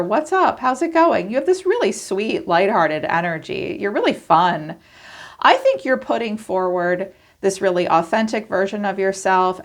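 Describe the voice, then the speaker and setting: A woman giving a casual tarot card reading, chatty and informal, thinking aloud as she goes. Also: lowish voice. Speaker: tarot reader.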